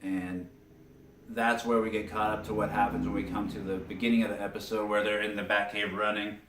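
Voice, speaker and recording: A man's voice: lowish voice, brisk, slight background noise. Man recapping a cartoon, echoey room. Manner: animated storyteller with frequent fillers. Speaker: cartoon episode reviewer. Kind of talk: casual spoken episode recap. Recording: roomy echo, distant from mic.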